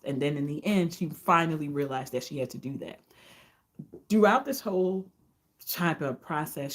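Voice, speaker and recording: A woman reviewing romance novels in a casual vlog, retelling the plots in an animated way and slipping into the characters' quoted lines. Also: deep voice. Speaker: book reviewer.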